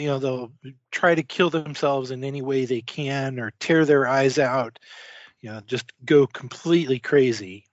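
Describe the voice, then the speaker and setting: A man narrates a tabletop horror game as game master. He talks slowly and haltingly, padding his lines with fillers. His voice is dry and close, with dull lo-fi sound. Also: medium pitch, no room sound.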